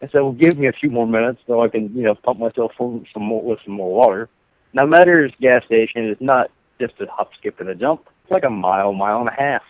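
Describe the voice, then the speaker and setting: A man's voice: medium pitch, fairly quick, dry recording. A man spins a rambling, profane story on a casual podcast and laughs at his own lines. The sound is dry and thin, like a phone line. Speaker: podcast co-host.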